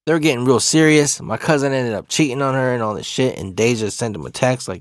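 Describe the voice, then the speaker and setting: A man casually telling a funny, profane story from his past, laid-back and animated, laughing along. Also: mid-range voice, fast talker, no echo, studio quality. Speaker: comedic storyteller.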